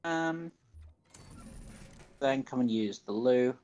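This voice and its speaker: A man's voice: medium pitch, slow pace, darkish tone, lo-fi sound. A man with a Northern English accent giving live gameplay commentary, muttering to himself and reading game menu options aloud. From northern England. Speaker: gaming streamer.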